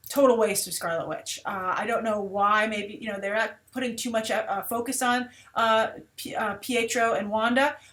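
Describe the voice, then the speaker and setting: Woman host, casual trailer commentary, slightly high voice, chatty and animated, lots of fillers. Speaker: host of a movie trailer review show.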